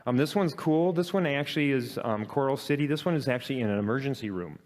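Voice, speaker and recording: A man giving a talk to an audience, telling a personal work story in a halting way with many fillers and self-deprecating laughs. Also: medium pitch, expressive, a little mellow.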